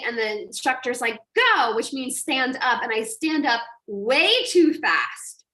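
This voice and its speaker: A woman coach telling an animated story on a live stream, acting out quotes and laughing often. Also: a little high, echoey room. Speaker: online business coach.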